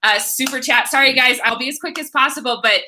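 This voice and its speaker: A woman's voice: high voice, fast talker, pushed and bright, low-quality recording. A woman from the United States hosting a casual livestream Q&A, chatty, thanking viewers and reading comments aloud.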